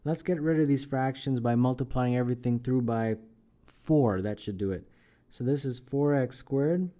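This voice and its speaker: A math tutor in a screencast tutorial works through a math contest solution step by step, thinking aloud and often checking in with "right?". His voice is mid-range and mellow, at a moderate pace.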